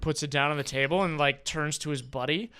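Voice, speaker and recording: A man's voice: a little high, a little fast, a little hiss or hum. A man with a New England accent telling a bartending story in casual, profane chat, acting out the people in it. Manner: animated, profane, acts out voices in stories. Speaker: podcast guest.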